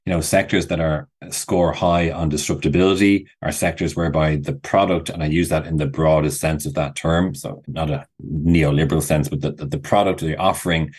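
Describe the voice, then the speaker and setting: A man's voice: a bass voice, fairly even intonation, a little fast, hardly any pauses, a little mellow, husky. A middle-aged man speaking as a podcast guest, an associate professor explaining ideas thoughtfully and restarting phrases often. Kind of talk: podcast interview.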